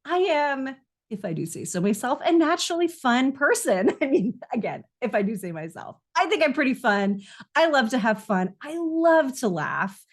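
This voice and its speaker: A woman's voice: sits high, sing-song, moderate pace. A woman parenting coach talking straight to parents, earnest and confiding, often repeating a phrase for emphasis. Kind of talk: heartfelt solo talk to parents.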